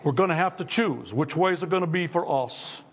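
A man's voice: fairly high pitch, brisk, slightly rough, in a large hall. A man preaching a sermon as pastor in a church, earnest and insistent, asking his listeners repeated rhetorical questions. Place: church sanctuary.

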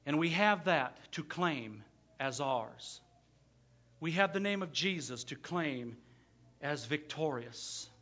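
A man preaching as a pastor, shifting from quiet, close asides to loud, emphatic declarations. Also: fairly high pitch, lively intonation, slow pace, highs cut off. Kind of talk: sermon.

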